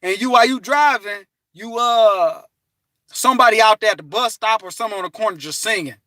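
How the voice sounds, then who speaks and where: A man giving an animated, preachy motivational talk from his parked car, breaking into bits of song and laughter. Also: high voice, a little fast, no echo. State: hot and restless. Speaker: vlogger.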